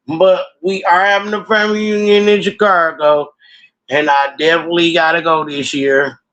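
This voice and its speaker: Profane, animated man on a livestream. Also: high voice, poor audio. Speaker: livestream host. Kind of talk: casual livestream rant. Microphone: computer mic.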